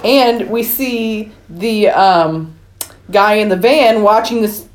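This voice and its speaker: A woman's voice: mid-range voice, slow pace. A woman co-hosting a podcast, jumping in with jokes and details about scenes. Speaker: podcast co-host. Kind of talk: casual chat.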